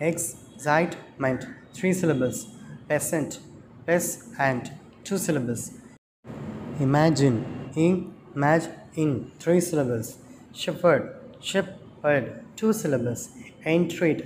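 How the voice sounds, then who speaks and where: A man teaching an English lesson with an Indian accent, explaining slowly and carefully and repeating words to sound out their syllables. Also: on the high side, slight background noise, poor audio. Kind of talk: classroom lesson.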